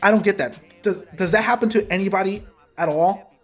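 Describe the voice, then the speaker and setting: A man with a somewhat high, husky voice recounts a frustrating story straight to the camera, acting out each side of the conversation. Soft music plays underneath. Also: fairly quick. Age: adult parent. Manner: animated, heated retelling with quoted dialogue. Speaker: sneaker vlogger.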